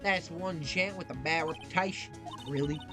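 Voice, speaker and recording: A man's voice: fairly high pitch, moderate pace, close to an everyday voice. A man doing a twangy nosy country gal. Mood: teasing. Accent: put-on rural drawl. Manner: folksy, twangy slang. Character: brash female country photographer, nosy. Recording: game music behind voice.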